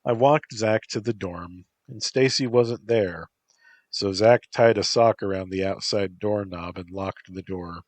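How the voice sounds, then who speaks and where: A man reading a first-person story aloud in a deadpan, unhurried way. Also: lowish voice, no echo. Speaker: narrator.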